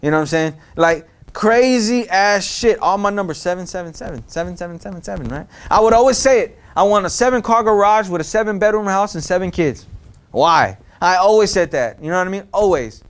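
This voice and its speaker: Slangy high-voiced male storyteller. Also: a little fast. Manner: slangy, animated, repeats phrases. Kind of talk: casual storytime monologue.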